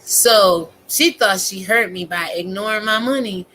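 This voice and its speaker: A woman giving a casual, profane, animated rant as a YouTube commentator, talking straight to her viewers. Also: medium pitch, unhurried, slight background noise.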